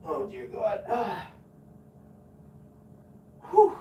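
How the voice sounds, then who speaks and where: A man's voice: high-pitched, huge pitch swings, extremely slow, mellow. A man in his forties telling crude, rambling stories on a live stream, swearing often. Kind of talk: casual storytelling on a live stream. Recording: echoey room, far from mic, noisy.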